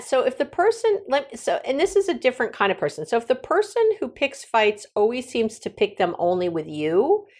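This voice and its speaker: A woman hosting a relationship advice podcast, chatting casually, correcting herself mid-sentence and acting out sample dialogue. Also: medium pitch. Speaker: podcast host. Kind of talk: conversational relationship advice talk.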